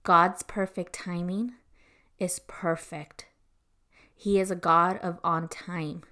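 A woman's voice: fairly low pitch, little pitch movement, slow, pushed and bright. Earnest woman hosting a faith podcast. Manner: earnest, encouraging, conversational with many fillers. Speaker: podcast host. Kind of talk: faith-based podcast devotional talk.

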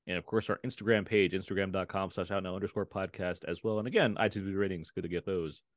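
A man's voice: deep voice, fairly even intonation, fast talker, no echo. A young adult man co-hosting a movie podcast, chatting casually and laughing often. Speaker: podcast co-host. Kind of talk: casual chat and show sign-off.

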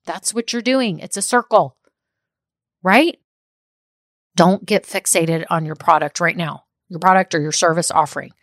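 A woman's voice: on the low side, unhurried, long pauses, no room sound, studio quality. A woman business coach giving a motivational talk straight to her listeners. She is emphatic and upbeat, repeats key phrases, and keeps checking in with "okay?".

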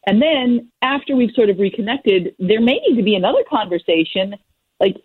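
A woman's voice: medium pitch, animated, brisk, husky, no room sound. Frank woman over a thin phone line. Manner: frank, plainspoken, mild swearing. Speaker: parenting expert guest. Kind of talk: casual advice talk.

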